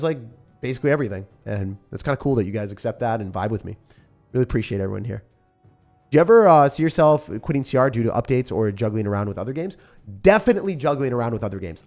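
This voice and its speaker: A man's voice: medium pitch, darkish tone. A young man chatting casually on a livestream, commenting on his game and answering questions from chat in a self-deprecating way. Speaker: streamer.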